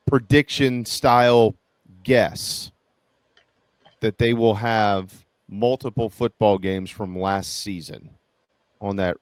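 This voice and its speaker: A man's voice: mid-range voice, no echo. A man hosting a casual sports talk radio show, folksy and joking, rambling with restarts.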